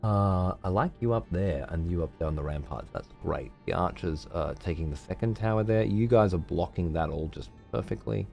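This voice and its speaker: A man streams a strategy game in a low, relaxed voice. He chats with viewers and mutters to himself, swearing freely. Faint music runs underneath. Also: normal speed, vocal fry, few pauses. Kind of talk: casual gameplay commentary.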